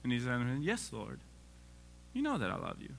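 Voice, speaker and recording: A man's voice: mid-range voice, huge pitch swings, fairly quick, creaky. A man preaching a casual sermon, reading scripture aloud and joking with the congregation.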